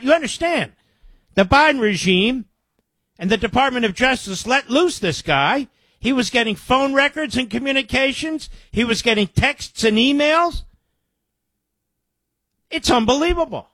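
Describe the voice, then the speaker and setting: Man, political talk host, high voice, indignant and sarcastic, dry close sound. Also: fairly bright tone, no echo. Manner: indignant, sarcastic asides between quoted reports. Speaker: radio show host. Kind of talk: political commentary, reading news aloud.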